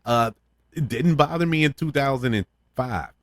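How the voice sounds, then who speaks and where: A man's voice: mid-range voice, moderate pace, no echo, clean studio sound. A man hosting a casual spoken film review, opinionated, who chuckles often and repeats words as he thinks. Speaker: podcast host reviewing films.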